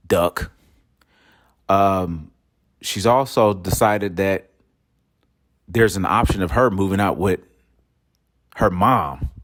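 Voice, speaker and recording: A man hosting a travel show, telling a story in a casual, slangy way and acting out the dialogue. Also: low voice. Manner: animated, slangy, acts out dialogue.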